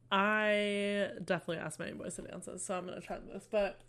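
A young woman chatting on a podcast while a little drunk. She tells stories in a loose, laughing way and swears often. Her voice sits at a medium pitch. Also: measured pace. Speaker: podcast co-host. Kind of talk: casual chat.

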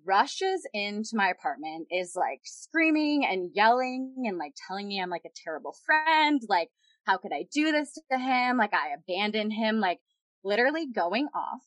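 A woman telling a personal story in casual chat, animated and peppered with "like". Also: medium pitch, moderate pace, dry recording. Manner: animated, heavy use of "like".

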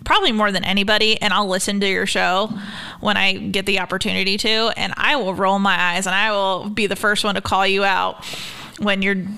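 A woman co-hosting a casual home podcast from the kitchen table, chatty and emphatic, dropping the odd "y'all". Her voice is bright and smooth, clean and crisp in tone. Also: mid-range voice, flat delivery, fairly quick. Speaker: guest co-host. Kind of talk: casual chat.

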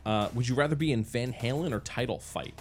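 A man's voice: medium pitch, brisk, faint music behind. A man co-hosting a podcast, telling a story in casual chat, swearing and laughing often. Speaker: podcast co-host.

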